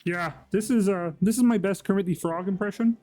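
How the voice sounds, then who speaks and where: A man's voice: high voice, a little fast, warm tone, soft background music, voice pushed up, lightly acted. Man doing Kermit the Frog, flustered and meek. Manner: rambling, keeps apologizing to chat. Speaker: streamer. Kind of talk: live stream chat.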